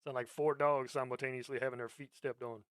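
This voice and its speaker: A man's voice: mid-range voice, little pitch movement, a little fast, fairly bright tone, clear, resonant tone, no echo. A man hosting a podcast in casual chat, telling rambling, profane stories and laughing often into a close mic. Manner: profane, rambling storyteller who laughs a lot. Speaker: podcast host.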